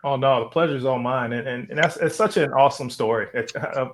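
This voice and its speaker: A man's voice: mid-range voice, fairly quick, a little hiss or hum. A man hosting a talk show, speaking earnestly and reflectively about his own past before asking his guest a question. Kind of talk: interview.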